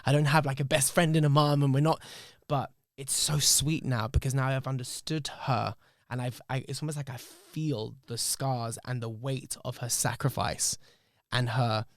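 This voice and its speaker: A man, speaking on a podcast in an emotional, reflective way. His voice sits at an ordinary middle pitch. It is recorded close and dry, with no room sound at all. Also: fairly even intonation, moderate pace, dry recording. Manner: emotional, reflective, swears freely. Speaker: podcast host. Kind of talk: candid podcast storytelling.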